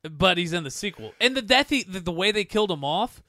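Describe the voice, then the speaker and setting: A man's voice: high-pitched, animated, fast, sharp tone, dry recording. A man co-hosting a casual movie review chat, blunt and exasperated in his opinions. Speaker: podcast co-host reviewing a movie.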